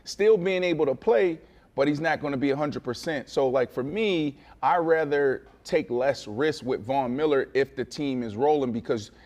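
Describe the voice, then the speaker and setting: A man co-hosting a casual sports talk show, animated and boastful, telling stories with lots of restarts. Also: medium pitch, moderate pace. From Florida. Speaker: co-host.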